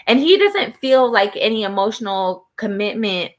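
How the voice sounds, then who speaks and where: Woman tarot reader, mid pitch, rambling conversational delivery, casual to camera. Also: sing-song, moderate pace, hardly any pauses. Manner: chatty, rambling, many "like" fillers.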